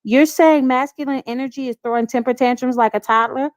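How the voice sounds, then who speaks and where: A woman panelist speaking in a deliberate, sarcastic way during a heated live debate. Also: high-pitched, fairly even intonation, dry recording.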